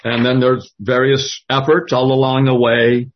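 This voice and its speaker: A man leading a Bible study discussion, speaking slowly and haltingly with many fillers. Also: medium pitch, flat delivery. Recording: dull lo-fi audio.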